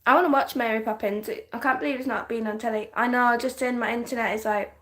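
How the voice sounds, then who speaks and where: A young woman from northern England with a softened English accent, chatting casually on a livestream, giggly and full of "like" fillers. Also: on the high side, fairly even intonation, quick pace. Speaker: livestream host. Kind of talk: casual livestream chat reading comments.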